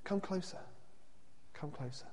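Brief: man doing a calm, gentle stranger, soft and slow, reassuring; long hall reverb. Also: on the high side. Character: calm gentle male stranger bringing light.

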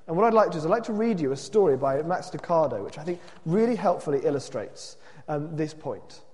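Expressive preacher with a lively voice. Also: male voice, a little high, fairly quick, long reverb tail. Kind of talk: sermon with a read-aloud story.

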